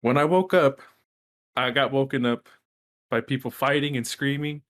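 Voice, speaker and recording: A young man from Texas, co-hosting a casual podcast chat and telling a story in an animated way, swearing freely. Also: mid-range voice, moderate pace. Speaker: podcast co-host.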